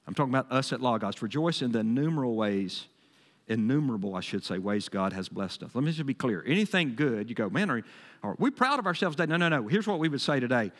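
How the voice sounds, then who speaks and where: A male pastor preaching a sermon, emphatic and folksy, swinging between loud bursts and quieter asides. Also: mid-range voice, very animated, quick pace. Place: church sanctuary. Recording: long hall reverb.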